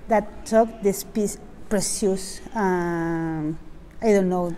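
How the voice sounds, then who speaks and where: Mellow woman chatting in a cloister. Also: on the low side, extremely slow, a little hiss or hum. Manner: playful, interjecting. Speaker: co-host. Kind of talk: casual tour chat. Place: stone cathedral cloister, indoors. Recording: long reverb of a stone cloister.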